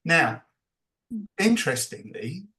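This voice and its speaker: Guy running a teacher training over video call, explains slow and plays out little classroom back-and-forths. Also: a little high, big pitch swings, sharp tone. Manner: explains slowly, acts out classroom dialogue. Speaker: teacher trainer presenting to a group. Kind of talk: online training session.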